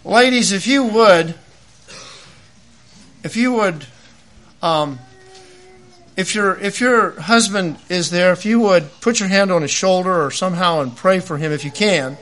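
Folksy high-voiced preacher man in his fifties. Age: 50s. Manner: folksy, animated storytelling with acted-out quotes. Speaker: lay preacher. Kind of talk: sermon.

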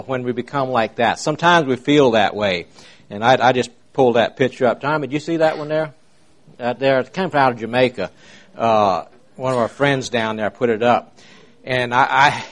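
A man preaching an informal, rambling sermon in a folksy way, with many fillers and restarts. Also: mid-range voice.

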